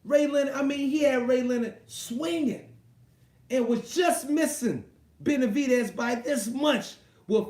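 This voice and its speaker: A man hosting a live boxing stream, talking in a crude, excitable, rambling way full of slang. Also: very high-pitched, unhurried, roomy sound. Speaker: boxing show host. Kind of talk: casual live-stream chat.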